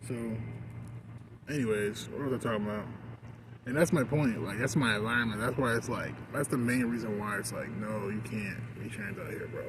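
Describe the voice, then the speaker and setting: A man's voice: mid-range voice, normal speed, background noise. A man venting in a casual vlog rant, rambling with many fillers, recorded outdoors in a park. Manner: rambling, frequent "like" and "you know". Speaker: vlogger. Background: outdoor ambience and passing vehicles.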